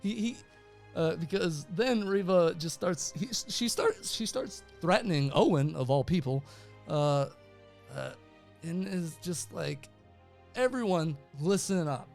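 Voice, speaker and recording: A man's voice: a little high, unhurried, gravelly, soft background music. A young adult man casually recapping a show episode, rambling with fillers and laughing often. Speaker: show reviewer.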